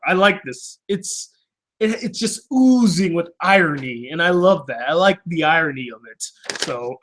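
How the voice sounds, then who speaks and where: A man's voice: high-pitched, fairly bright tone. A man hosting a casual vlog, reading out fan mail in a sarcastic, laughing way.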